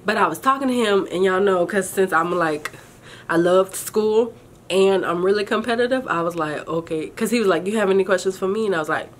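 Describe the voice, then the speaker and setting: A woman's voice: mid-range voice, brisk. Chatty young woman telling a story. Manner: animated, chatty, addresses viewers as y'all, colloquial. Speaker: vlogger. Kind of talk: casual storytelling to camera.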